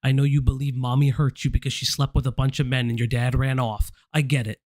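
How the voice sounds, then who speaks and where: A man's voice: mid-range voice, level tone, a little fast, few pauses, a little mellow, dry recording. Confrontational man on a livestream. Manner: confrontational, repetitive, addressing someone directly. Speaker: stream host. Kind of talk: livestream commentary.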